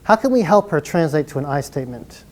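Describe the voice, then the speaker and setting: A man's voice: fairly high pitch, very animated, fast, a little mellow, a little hiss or hum. A man presenting a live college workshop to an audience, chatty and encouraging, often laughing.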